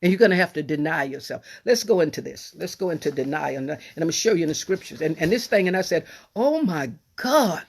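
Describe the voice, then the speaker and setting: Middle-aged woman preaching, folksy and lively, keeps restarting lines, jumps from loud to soft. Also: low voice, fast, creaky, few pauses, husky. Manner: folksy, animated, repeats and restarts phrases. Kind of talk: sermon.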